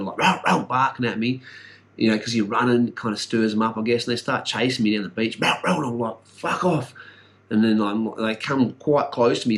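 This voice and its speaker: A man's voice: fairly low pitch, a bit bright. A middle-aged man with an Australian accent giving a casual, rambling vlog update, blunt and full of swearing and fillers. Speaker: vlogger.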